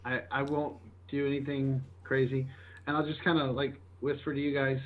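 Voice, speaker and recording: A man's voice: medium pitch, little pitch movement, moderate pace. A man playing in a tabletop game session, playful and eager, joking with the table. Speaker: player. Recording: tinny phone-like call audio.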